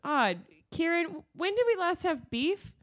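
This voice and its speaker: A woman's voice: extremely high pitch, animated, measured pace, fairly bright tone, pitched above the performer's own voice, heavily acted. A woman reading out a crude, boisterous male warrior's lines in a raised, playful voice. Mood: amused.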